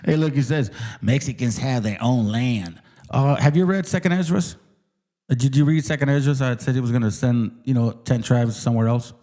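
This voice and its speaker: A channel host speaks fairly quickly in a steady, mellow, mid-range voice while ranting heatedly and casually at viewers. He sounds combative, mocking and profane, and repeats words for emphasis.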